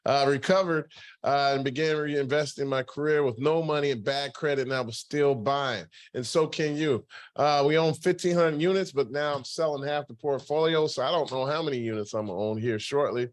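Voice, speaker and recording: A man in his forties hosts a live podcast chat with a middle-range voice. He talks in an animated, joking way and laughs easily. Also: medium pitch, fairly quick, dry recording. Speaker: podcast host and real estate investor.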